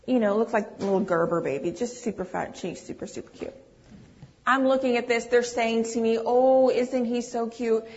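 Animated woman telling a story from the stage. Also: fairly high pitch, a little fast, a little hiss or hum. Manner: animated storyteller, acts out her own lines. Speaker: pastor's wife speaking to a congregation. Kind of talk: storytelling talk, sermon-like. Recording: dull, muffled sound.

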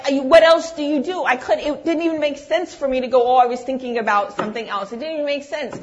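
A middle-aged woman telling a personal story in a sermon-style talk, animated and acting out her own lines. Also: sits high, fairly quick, few pauses, a little hiss or hum. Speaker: pastor's wife speaking to a congregation. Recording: dull, muffled sound.

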